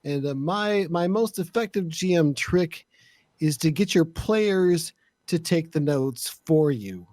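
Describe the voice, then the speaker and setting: A man explains a game-mastering tip in a hesitant, methodical way, with frequent ums. His voice is slightly higher than most men's and mellow in tone, and the sound is dry and close to the mic. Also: animated, takes it slowly, no room sound. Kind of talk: casual panel chat.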